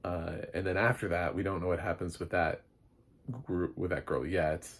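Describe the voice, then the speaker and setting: A man's voice: low-pitched, level tone, normal speed. A man giving a casual, rambling spoken film review, chatty with lots of fillers. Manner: rambling and chatty, with many fillers and light laughs.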